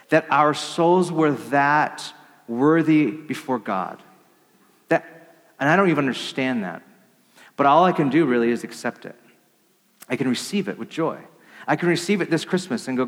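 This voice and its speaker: A male pastor giving a sermon, telling a story in an earnest, reflective way that drops softly at the emotional moments. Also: medium pitch, in a large hall.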